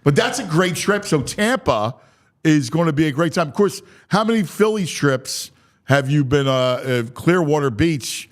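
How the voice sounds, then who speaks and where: A man hosting a sports talk show, telling stories in an excitable way, his voice climbing high when he gets worked up. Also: normal speed. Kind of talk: animated podcast chat.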